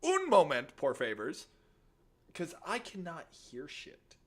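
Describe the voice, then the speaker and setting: Loud, joking streamer man. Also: a little high, wildly swooping pitch, takes it slowly. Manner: loud joking banter, swearing, shouting greetings. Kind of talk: casual gaming livestream chat.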